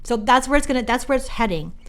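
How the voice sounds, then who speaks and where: Lady rambling on her podcast, animated, smooth voice. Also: fairly high pitch, fast talker. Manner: chatty, animated, self-interrupting. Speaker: psychic podcast host. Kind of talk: casual monologue.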